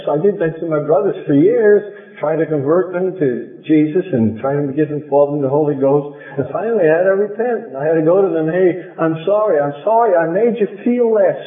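High-voiced man preaching over a tinny line. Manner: earnest, emotional, pitch rising when preaching. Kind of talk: sermon. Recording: phone-like sound, echoey room.

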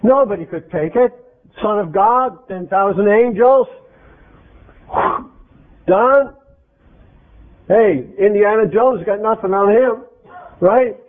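A man's voice: high voice, slow pace, long pauses. A man preaching an interactive sermon, speaking emphatically and quizzing his congregation with questions. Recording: tinny phone-like lo-fi recording.

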